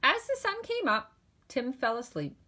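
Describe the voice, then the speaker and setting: A woman reading a children's picture book aloud, slow and expressive. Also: sits high, slight background noise. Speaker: storyteller.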